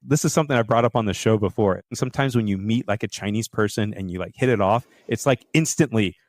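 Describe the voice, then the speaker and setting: A middle-aged man hosts a casual interview in a low voice, recorded dry and close. He encourages his guest and chuckles between his questions. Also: fast, dry recording. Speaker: podcast host.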